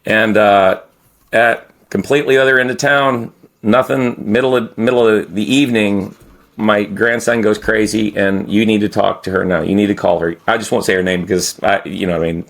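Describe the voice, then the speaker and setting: A man's voice: lowish voice, fairly even intonation, moderate pace, vocal fry, a bit bright. A middle-aged man telling a story to podcast hosts in a rambling, profane way, stopping and restarting often. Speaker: podcast guest. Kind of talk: casual storytelling.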